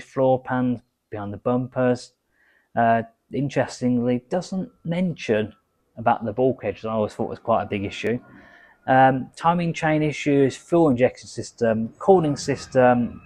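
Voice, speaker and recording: A man talking through his own car vlog in a relaxed, chatty way. He reads out quiz questions and answers, then breaks off to add his own casual asides. His pitch sits in an ordinary middle range. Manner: chatty, adds asides while reading. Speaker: car vlogger.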